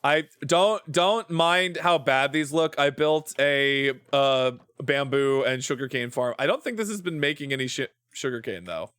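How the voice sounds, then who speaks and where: A man's voice: mid-range voice, expressive, a little slow, few pauses, a bit bright, smooth, no room sound. A man streaming a game, chatting casually in a playful, rambling way and swearing often. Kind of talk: casual gameplay chat.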